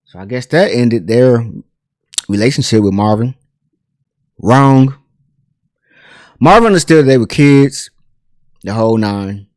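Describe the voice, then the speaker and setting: A man hosting a pop culture commentary channel, telling a story in a chatty, animated way full of asides and fillers. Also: mid-range voice, unhurried, pauses often, dry recording, studio quality. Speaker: host.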